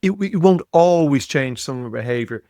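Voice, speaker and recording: A man's voice: medium pitch, moderate pace, no room sound. Dry-voiced man telling a story. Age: 50s. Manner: animated storyteller, repeats words when excited. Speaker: podcast guest. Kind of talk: storytelling in conversation.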